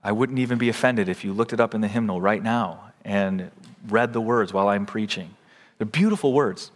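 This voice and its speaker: A man's voice: lowish voice, long reverb tail. A man preaching a sermon in a church, earnest and posing questions to the congregation. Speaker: pastor. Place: church sanctuary.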